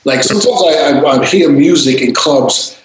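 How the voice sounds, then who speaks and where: Echoey, animated man telling stories. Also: fairly high pitch, normal speed, slight background noise. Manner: animated, acts out voices in his stories, swears freely. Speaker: interview guest, DJ and producer. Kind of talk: casual storytelling interview.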